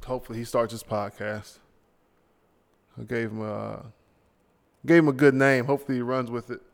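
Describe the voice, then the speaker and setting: Tired guy ranting on his podcast late at night, gravelly but smooth, lots of reverb. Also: medium pitch, flat delivery, normal speed. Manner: casual, ranting, tossing in mock voices. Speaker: podcast host. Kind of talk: solo podcast rant.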